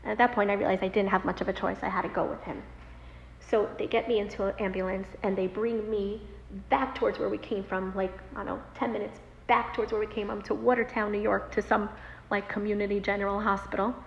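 A woman in her thirties telling a personal story, animated, with many fillers. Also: mid-range voice, quick pace, vocal fry. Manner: animated, many fillers, acts out quoted voices. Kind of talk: personal story told aloud. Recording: roomy hall with long reverb, dull lo-fi sound, faint noise.

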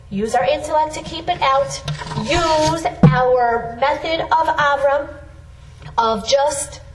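A middle-aged woman giving an earnest, emphatic Torah lesson. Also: high-pitched. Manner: earnest, emphatic, with rising exclamations. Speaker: Torah teacher. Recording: roomy sound from a distant mic.

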